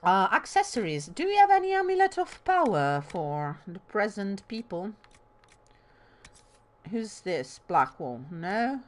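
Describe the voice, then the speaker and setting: A woman from Bologna, Italy, hosts a let's play, chatting casually through the gameplay with rambling, self-deprecating asides. Her medium-pitched voice is very animated and a little slow, with a light Italian accent carrying a slight Bolognese lilt and drama-school trained diction.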